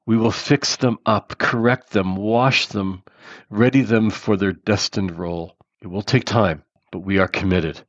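A solemn, resolute man gives his word, slow and deliberate, as a storyteller reads him out. The voice is low. The sound is dry, dull and lo-fi. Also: steady tone, no echo.

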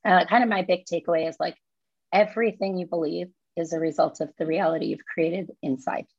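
A woman guest chatting casually and quickly, full of "like" and fillers. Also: fairly low pitch, fairly even intonation, vocal fry, a little mellow, slightly rough, muffled recording. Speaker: guest, studio owner. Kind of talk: casual chat.

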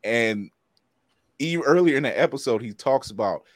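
A man co-hosting a casual podcast review chat, animated and laughing often as he acts out quotes. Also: mid-range voice, normal speed, no echo. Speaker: podcast co-host.

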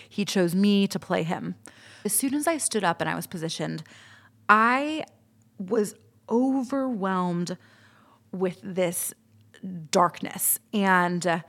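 A woman in her thirties, a podcast host, telling a personal story in a candid, chatty way and swearing freely. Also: mid-range voice. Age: 30s.

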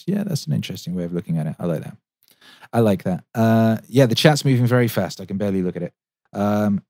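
A man in his thirties talks through a casual livestream Q&A in a lowish voice, rambling and swearing freely with plenty of fillers. He sounds enthusiastic, and the sound is dry and close, with no room echo. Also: expressive, fast, a little mellow. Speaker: musician and show host answering chat.

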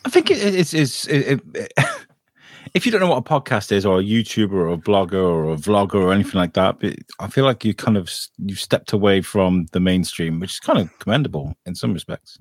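A man's voice: on the low side, very animated, fairly quick, no room sound, studio quality. A British man co-hosting a podcast in casual chat, rambling and chuckling as he talks. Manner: rambling, self-interrupting, chuckling. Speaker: podcast co-host.

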